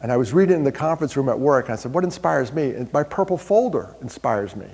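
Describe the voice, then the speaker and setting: A man's voice: medium pitch, fast talker, vocal fry. A man from New York giving a live talk on mental health, telling stories, quizzing the audience and joking about himself. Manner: animated storyteller, quizzes the crowd, jokes about himself. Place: large hall with an audience. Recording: long hall reverb.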